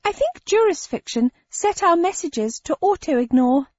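A woman voicing a misshapen shape-changing creature with a shrill, plaintive manner. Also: lively intonation, a little slow, no echo, lo-fi sound.

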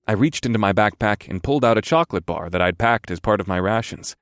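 A man narrating a fantasy audiobook in the first person, measured with a wry edge. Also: lowish voice, animated, fairly bright tone, no echo, studio quality.

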